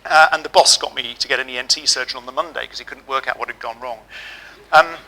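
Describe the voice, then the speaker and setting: A middle-aged man giving a keynote speech, telling lively, humorous stories. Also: medium pitch, fast talker, rough recording. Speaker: keynote speaker. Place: auditorium.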